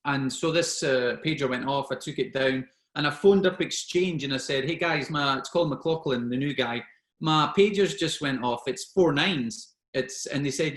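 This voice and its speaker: A man in his forties, a former soldier telling lively anecdotes and acting out the dialogue. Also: a little high, moderate pace, reverberant. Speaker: guest speaker, former special forces soldier. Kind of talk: anecdotal storytelling at an online networking event.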